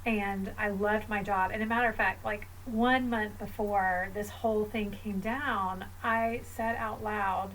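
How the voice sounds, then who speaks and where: A woman's voice: mid-range voice, steady tone, unhurried, few pauses, a bit bright. A woman co-hosting a faith podcast, telling a personal story in a casual way with fillers. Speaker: podcast co-host. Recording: slightly distant mic with faint noise.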